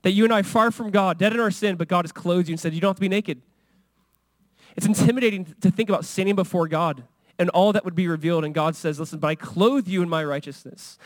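This male pastor, a father of a son who could be a young adult or middle-aged, has a high voice recorded without echo. His sermon is sincere and conversational, and he performs the voices of those he quotes.

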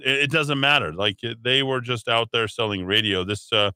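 A man hosting a radio talk show in a rambling, casual way, with lots of fillers and sudden jumps up in pitch when he hands over. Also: moderate pace, bright, forceful tone, clear, resonant tone, no echo.

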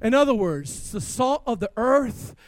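A man preaching an energetic sermon as pastor in a church, calling on the congregation to respond. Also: very high voice, unhurried, no echo.

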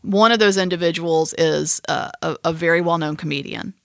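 A woman co-hosting a podcast, telling a story in an animated, emphatic way. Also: low-pitched, moderate pace, creaky, no room sound. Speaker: podcast co-host. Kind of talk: casual chat.

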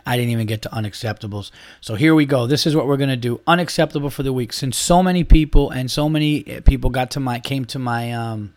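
A man hosting a podcast, telling stories in a casual, animated way, acting out quotes and swearing freely. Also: mid-range voice, no echo. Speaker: podcast host. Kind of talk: casual chat.

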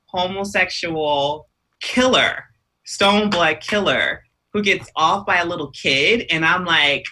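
A woman from the United States, a podcast guest in casual chat, expressive and prone to hesitant restarts. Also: fairly low pitch, slow pace, low-quality recording. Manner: expressive, hesitant starts, laughs often.

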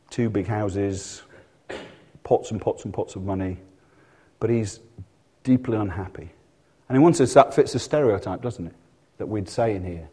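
A man's voice: fairly low pitch, dark tone, husky. A male pastor preaching a sermon in a church, telling stories and acting out voices in dialogue.

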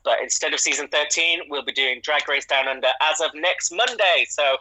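A man's voice: on the high side, moderate pace, pushed and bright, no room sound, poor audio. A man co-hosting a podcast in casual chat, chatty and jokey with casual swearing. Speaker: podcast co-host.

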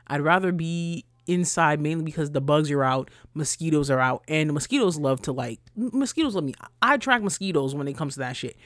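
A young woman from New ranting bluntly as a podcast host, swearing freely and her voice jumping loud and high when she gets riled. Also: dry recording, clean studio sound. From New York, USA. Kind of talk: casual ranting monologue.

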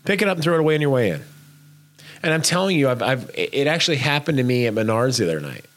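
A man's voice: mid-range voice, sing-song, fast talker. A man co-hosting a casual chat, urging listeners to be kind, talking emphatically and bluntly with frequent restarts.

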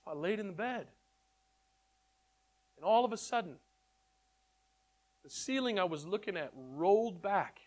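A man telling his testimony in an animated storytelling way, excitable and repeating words in quick bursts. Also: high voice. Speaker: speaker sharing his testimony.

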